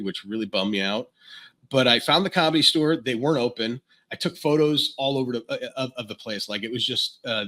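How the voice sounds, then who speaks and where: A man's voice: mid-range voice, bright, forceful tone. A man, a podcast guest from Florida, telling a long personal story in a casual, frank, rambling way, often restarting mid-sentence.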